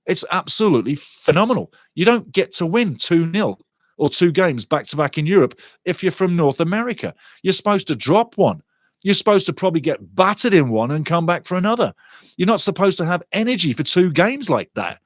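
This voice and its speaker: A man's voice: fairly high pitch, dry recording. A man hosting a soccer show, talking in a casual, chatty way and often repeating words and phrases. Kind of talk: casual live-stream commentary. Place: lives in Canada.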